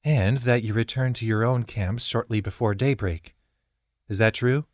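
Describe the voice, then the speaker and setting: A man's voice: medium pitch, moderate pace, no room sound, studio quality, natural voice. A man voicing a blunt, wry young woman adventurer in an audiobook. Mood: guarded.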